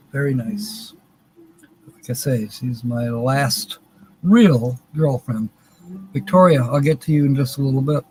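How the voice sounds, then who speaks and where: A man's voice: mid-range voice, darkish tone, slight background noise, rough recording. A man hosting a live stream, chatting in a rambling, folksy and joking way. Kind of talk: casual live stream chat.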